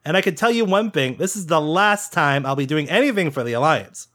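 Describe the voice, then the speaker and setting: A man's voice: a little high, lively intonation, drawn-out words, pushed and bright, heavily acted. A man voicing an angry, short-tempered female smuggler pilot who snaps in exasperation. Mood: exasperated. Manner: exasperated, snappish.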